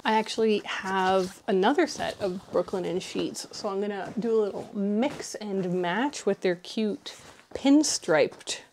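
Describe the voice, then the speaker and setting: A woman's voice: medium pitch, a little slow, a little mellow, a little hiss or hum. A young woman from Canada narrating a home renovation vlog in a chatty, upbeat way with small laughs. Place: old house, indoors.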